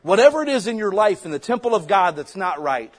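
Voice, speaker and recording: Pastor, middle-aged man, fervent conversational sermon, husky and fairly high-pitched. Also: big pitch swings, quick pace. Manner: impassioned, conversational preaching with rhetorical questions.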